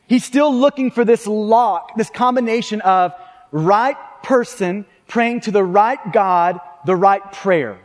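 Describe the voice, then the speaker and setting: A male preacher with a very high voice for a man, delivering a sermon in a chatty, conversational way. He keeps checking in with the listeners and often restarts his sentences. His voice trails off into the long reverb of a large church hall. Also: slow. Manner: conversational, frequent tag questions and restarts. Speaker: pastor.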